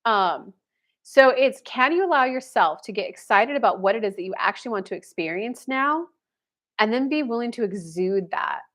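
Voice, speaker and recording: A woman's voice: on the high side, animated, normal speed, fairly bright tone. A woman in her thirties, a spiritual dating coach, chatting casually on a live stream and answering viewers, full of "like" fillers and blunt casual swearing.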